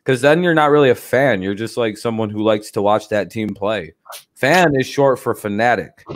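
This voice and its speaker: A man's voice: fairly low pitch, moderate pace, slight background noise. A man hosting a casual livestream, rambling loosely and swearing freely, with frequent laughs. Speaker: streamer host.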